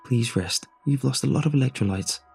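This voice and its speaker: A man voicing a brisk, chirpy woman nurse in a horror story reading. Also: mid-range voice, creaky, a little mellow, breathy edge, faint music behind, pitched above the performer's own voice. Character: cheerful bustling woman nurse.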